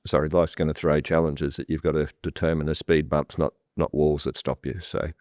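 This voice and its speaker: A deep-voiced man speaks plainly, often restarting his sentences as he tells a story. The sound is close and dry, with no room around it. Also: flat delivery, fairly quick, darkish tone, no echo. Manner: repetitive restarts, blunt and plain-spoken. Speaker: property developer guest. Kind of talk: conversational storytelling on a panel. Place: room with a live audience.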